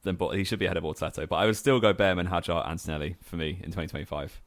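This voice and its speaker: A man with a very low voice co-hosting a casual podcast chat. He states firm opinions steadily and laughs easily. The sound is dry and close, with no room around it. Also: fairly even intonation, racing, dry recording. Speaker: podcast co-host.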